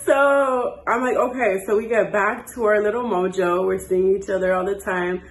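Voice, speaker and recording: A woman in her twenties telling a dating story in a casual, animated way and acting out the dialogue. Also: mid-range voice, normal speed. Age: 20s. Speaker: storytime host. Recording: echoey room.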